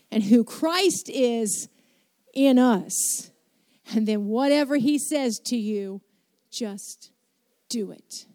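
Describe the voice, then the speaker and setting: A woman's voice: on the high side, dry recording. A woman pastor preaching a sermon with rhythmic repeated refrains. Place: church. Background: soft piano.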